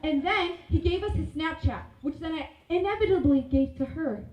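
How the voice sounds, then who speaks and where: A woman's voice: sits high, normal speed. A young woman in her twenties giving a maid of honor toast, telling stories with lots of giggling. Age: 20s. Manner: animated storytelling, giggling often. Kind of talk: wedding toast. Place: wedding reception hall. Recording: roomy reception hall, voice from a distance.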